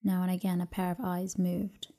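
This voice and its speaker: A woman reading a classic novel aloud as a calm bedtime story, soft and unhurried, slipping into whispers at times. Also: on the low side. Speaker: narrator.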